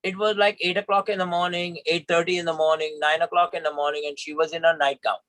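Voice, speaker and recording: Guy, high voice, dry close sound, animated storyteller on a video call. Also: no room sound, poor audio. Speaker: trainer. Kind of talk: personal story in an online training session.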